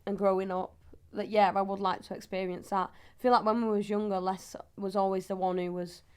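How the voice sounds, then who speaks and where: A woman's voice: mid-range voice, level tone, brisk, darkish tone, clean tone. A woman in her twenties with a northern English accent, chatting casually as a footballer guest, laughing often. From England. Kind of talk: casual chat.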